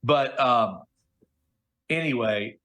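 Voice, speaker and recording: A middle-aged man tells stories as a guest on a casual interview show. He keeps up an animated delivery and acts out the voices of the people he quotes. His voice sits at a medium pitch. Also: extremely slow. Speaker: guest voice actor. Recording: podcast audio.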